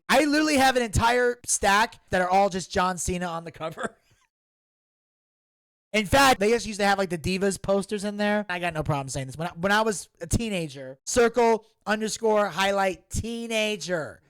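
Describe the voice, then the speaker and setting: A young adult man hosting a casual podcast from a home studio, animated and profane, bursting into loud re-enactments. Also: sits high, no room sound. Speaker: podcast host.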